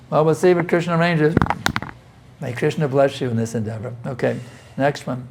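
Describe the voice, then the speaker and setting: A man's voice: mid-range voice, fairly even intonation, moderate pace, darkish tone, a little hiss or hum. A man giving a conversational scripture class, with many "you see" asides and restarts, sometimes pleading intensely as he acts out prayers. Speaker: spiritual teacher answering questions. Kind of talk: informal scripture class talk.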